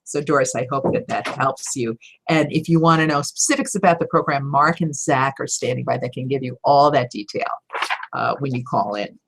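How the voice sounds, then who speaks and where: A woman voiceover coach answering viewer questions in a live Q&A, direct and encouraging, with emphatic stresses and quick laughs. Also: a bass voice, slightly rough. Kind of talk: live Q&A teaching talk.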